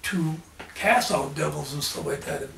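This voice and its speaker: Telling his experiences in an interview, a lay preacher speaks earnestly and fervently at normal speed, his voice a little high, gravelly, pushed, and bright. The recording has an echoey room, a distant mic, faint ambience, and a little hiss or hum.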